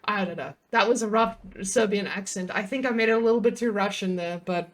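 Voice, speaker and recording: A young woman giving casual live-stream commentary on a strategy game, excitable and chatty, swearing, laughing and talking to her chat. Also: medium pitch, a little fast.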